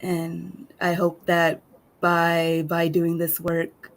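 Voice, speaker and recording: A woman guest speaker closing her session, soft-spoken and halting, with many fillers. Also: fairly low pitch, completely flat delivery, poor audio. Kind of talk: closing a virtual summit session.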